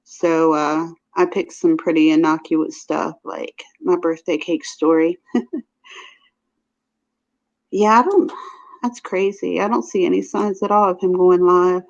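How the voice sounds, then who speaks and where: A woman's voice: on the low side, steady tone, measured pace, creaky. A woman with a Southern US accent hosting a casual live stream, chatty and laughing often. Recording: dull lo-fi stream audio.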